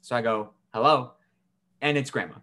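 A man's voice: mid-range voice, moderate pace, pushed and bright. A young man co-hosting a podcast, telling a family story in a casual, swearing, laughing way. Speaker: podcast co-host.

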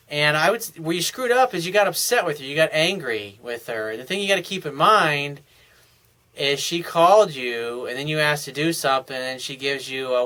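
On his advice show, a man reads listener emails and responds in a monologue of direct, coaching, occasionally profane dating advice. He speaks at medium pitch and moderate pace, with a bright, forceful tone.

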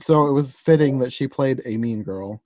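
A woman's voice: a bass voice, normal speed, mellow, no room sound. Chatty young woman with a dry sound. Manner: chatty, rambling, frequent "like" and laughs. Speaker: podcast co-host. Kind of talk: casual chat reviewing a movie.

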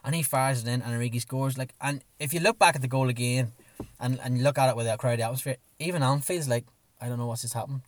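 A man co-hosting a casual football chat, excitable and slightly hoarse, acting out his own shouts as he tells a story. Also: mid-range voice, fast talker, no room sound. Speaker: podcast co-host.

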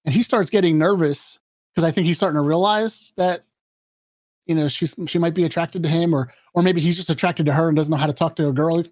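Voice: medium pitch, a little fast, darkish tone, no room sound, clean studio sound. A podcast co-host retelling a movie in laid-back casual chat, swearing and laughing often.

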